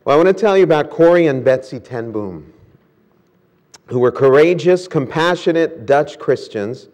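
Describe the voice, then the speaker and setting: Man preaching in a mid-pitched voice. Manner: quiet, reverent in prayer, lively in storytelling. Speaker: pastor. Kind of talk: sermon with prayer and storytelling.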